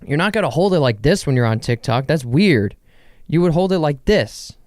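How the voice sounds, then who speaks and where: A young man hosting a casual solo podcast from his bedroom, rambling and joking with quick asides to himself. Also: on the high side, lively intonation, darkish tone, no room sound, studio quality. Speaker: podcast host.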